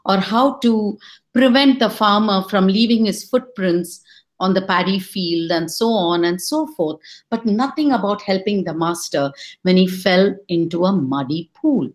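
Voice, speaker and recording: A middle-aged woman telling a folk tale to listeners, expressive and rising high when she quotes her characters. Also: unhurried. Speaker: storyteller. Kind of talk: storytelling.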